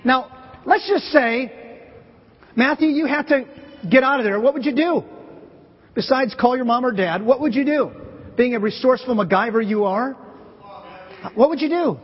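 A man's voice: extremely high pitch, moderate pace, long pauses, slightly rough. A man preaching a church sermon, playful and joking with volunteers on stage. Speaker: pastor. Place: church sanctuary. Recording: lo-fi with long hall reverb.

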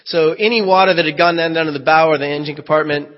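Male pastor, storyteller, lightly raised pitch, dull lo-fi church recording. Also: steady tone, fast. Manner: vivid first-person storytelling with reenacted dialogue. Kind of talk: sermon storytelling. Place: church hall. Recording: echoey hall, dull lo-fi sound.

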